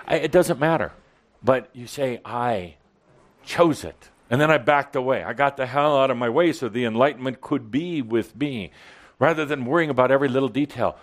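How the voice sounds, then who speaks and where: Speaking at medium pitch, a man channels a spiritual talk for a live audience, playing with his listeners in a teasing way. Dramatic pauses and sudden changes in volume shape his delivery.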